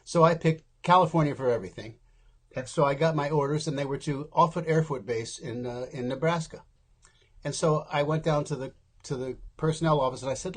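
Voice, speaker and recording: Man, 70s, husky, interview guest, wry, candid, casual storytelling. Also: fairly high pitch, a little fast. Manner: wry, candid, acts out quoted voices.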